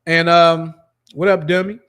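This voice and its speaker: A man's voice: a little high, level tone, unhurried, fairly bright tone, smooth. A man hosting a sports podcast in a loose, chatty way, with lots of fillers and restarts. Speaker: podcast host. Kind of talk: casual sports chat.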